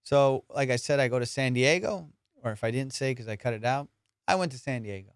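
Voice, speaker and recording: A man's voice: mid-range voice, brisk, smooth, no echo, clean studio sound. A man hosting a comedy podcast, riffing in a casual, profane way and slipping into put-on voices.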